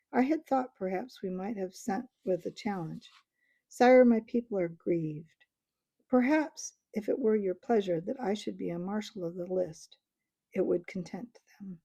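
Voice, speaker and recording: A woman voicing a proud, valiant male mouse knight with a shrill voice and formal, courtly speech. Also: normal speed, warm tone, close to an everyday voice, low-quality recording.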